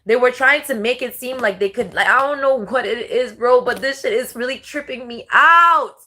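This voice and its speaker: A young woman vents in a heated, profane monologue, circling back and repeating herself. Her voice sits high and sounds bright and sharp. She restarts lines often as she builds her point. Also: moderate pace. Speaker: spiritual video creator. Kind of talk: ranting monologue.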